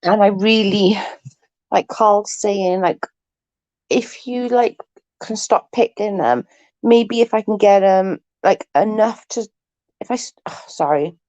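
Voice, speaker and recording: A woman's voice: medium pitch, slow, darkish tone, dry recording, muffled recording. A woman hosting a live stream, chatting casually with viewers; she is tired, stutters a little and keeps restarting her sentences. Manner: mild stutter.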